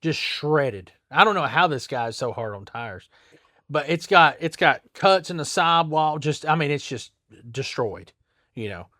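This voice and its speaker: A man's voice: on the high side, moderate pace, no echo, studio quality. A man who works at a tire shop, telling a story in a casual chat, plain-spoken and acting out the people he quotes. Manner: animated, acts out quoted people with a raised voice; plain-spoken, loose grammar.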